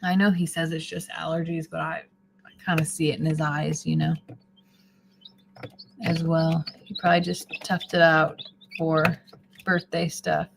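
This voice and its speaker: A woman's voice: deep voice, level tone, a little slow, vocal fry, pauses often, background noise. Sleepy, chatty woman live-streaming. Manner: chatty, rambling, reads out viewer comments. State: sleepy, yawning. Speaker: homesteading livestreamer. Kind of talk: casual live-stream chat.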